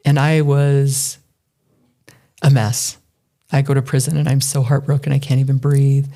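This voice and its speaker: A middle-aged woman hosting a podcast, telling a candid personal story in an emotional, earnest way with halting restarts. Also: extremely low pitch, flat delivery, warm tone. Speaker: podcast host.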